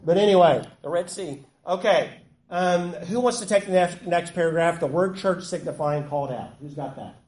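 A man's voice: on the high side, normal speed. A man leading a group Bible study, asking questions and calling on people to read. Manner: animated, calls on people, asks the group questions. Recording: echoey room with some background noise.

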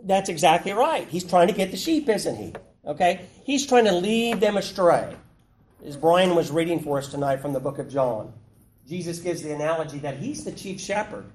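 Leading a Bible study in a relaxed, conversational manner, a man keeps quizzing the group with questions. His somewhat high voice has lively intonation, a slightly mellow quality, and a moderate pace, heard in an echoey room over a faint hiss.

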